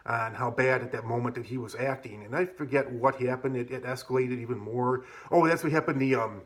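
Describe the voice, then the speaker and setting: A man's voice: mid-range voice, brisk. Rambling, profane man telling a story. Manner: rambling, profane, many fillers like "like" and "you know". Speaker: vlogger. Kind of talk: casual storytelling.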